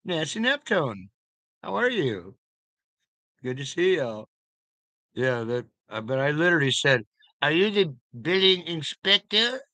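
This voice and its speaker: A man's voice: a little high, animated, a little slow, sharp tone, no echo. A man chatting casually with his viewers, telling loose, profane stories and chuckling along as he rambles.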